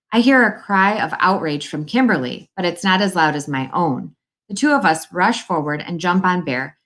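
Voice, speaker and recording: A woman narrates a novel aloud in the first person, telling the story in an earnest, quick way. Her voice sits a little low for a woman. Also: fairly bright tone. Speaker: audiobook narrator.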